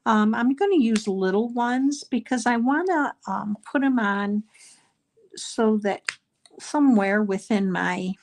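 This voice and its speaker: A woman's voice: fairly high pitch, lively intonation, slow pace, a little mellow. A middle-aged woman leading a live card-making class, explaining each step in a chatty way with frequent ums. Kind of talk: live crafting class demonstration.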